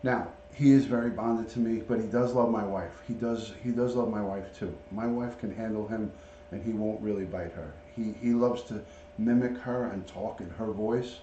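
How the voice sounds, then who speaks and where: A man's voice: on the low side, steady tone, moderate pace, warm tone, lo-fi sound, slight background noise. A middle-aged man, a retired police detective, hosting a casual livestream from home and chatting with viewers by name. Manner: chatty, talks to viewers and reads out chat names. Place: at home, showing a pet parrot. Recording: echoey room.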